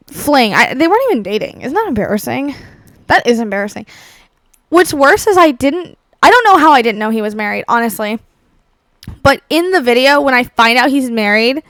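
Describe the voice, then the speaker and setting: A woman's voice: a little high, fairly bright tone, dry recording. A young woman doing chatty, rambling commentary over a game house tour, bubbly and dramatic, full of fillers. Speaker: Sims builder and YouTuber.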